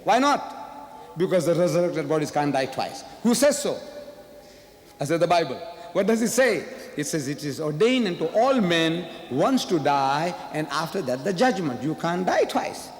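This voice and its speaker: A man's voice: fairly high pitch, lively intonation, moderate pace. A man debating in a public speech, making his points with emphatic repeated rhetorical questions. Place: large lecture hall. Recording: echoey hall, faint ambience.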